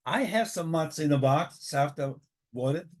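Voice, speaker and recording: A man's voice: on the high side, expressive, normal speed. An older man from Israel, a grandfather recording a tender, rambling home video message for his grandchildren. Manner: tender, affectionate, rambling with restarts.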